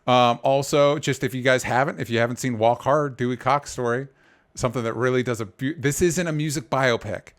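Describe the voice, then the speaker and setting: A man's voice: mid-range voice, fairly quick. A man hosting a podcast in casual chat, enthusiastic and talking straight to his listeners. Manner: enthusiastic, addresses listeners as "gang". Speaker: podcast host.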